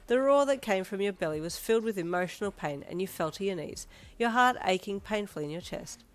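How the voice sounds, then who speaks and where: A woman narrating an audio fanfiction in the second person, even and storytelling. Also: mid-range voice, a little fast.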